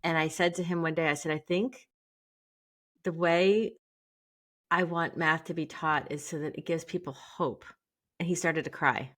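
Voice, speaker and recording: A woman podcast host asking questions and telling stories in a lively, casual way. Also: deep voice, moderate pace, long pauses. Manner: lively storytelling. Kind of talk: casual interview chat.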